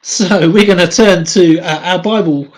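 Relaxed prayer leader who laughs often. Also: medium pitch, measured pace. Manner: laughs often, relaxed, friendly filler-heavy talk. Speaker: leader of midday church prayers. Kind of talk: casual chat and leading prayers.

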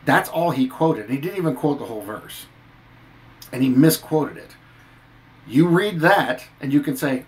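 Man, earnest, preachy, mid-pitched, reads scripture aloud, emphatic. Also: expressive, moderate pace, rough recording. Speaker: Christian video commentator. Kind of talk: earnest scripture-based rant.

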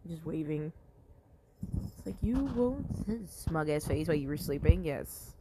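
Slow-talking swearing woman gamer. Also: sits low, little pitch movement, noisy background. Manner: swears often, yelps when things go wrong. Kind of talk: casual mobile game commentary.

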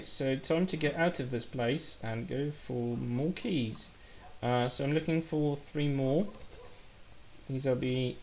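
A man's voice: mid-range voice, a little hiss or hum. A man chatting casually while streaming a game live, joking and making fun of his own mistakes. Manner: chatty, joking, self-deprecating. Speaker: gaming livestreamer. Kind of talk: casual live gameplay commentary.

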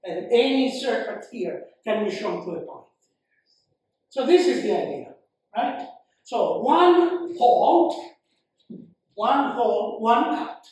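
Guy lecturing real slow in a big echoey room, lots of uhs, mic kinda far. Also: very high-pitched, animated, darkish tone, slight background noise. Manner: slow, halting, many "uh" fillers and repeated phrases. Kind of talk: university lecture at a board. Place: lecture hall.

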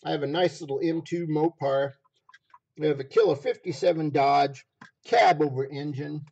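A hoarse man running a live stream auction, repeating phrases as he hypes each item from a basement room. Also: on the high side, moderate pace, darkish tone.

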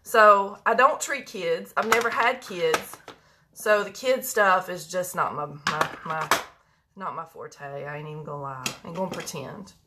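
A woman's voice: on the low side, normal speed, very noisy. A woman chatting casually with viewers while doing her makeup, joking and folksy, a little congested. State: congested with mucus. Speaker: beauty vlogger and medical practitioner. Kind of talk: casual live makeup chat.

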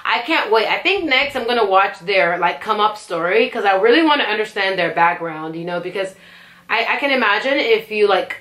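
A young woman hosting a reaction video, chatting casually and getting emotional and excited as she talks. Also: mid-range voice, fairly quick.

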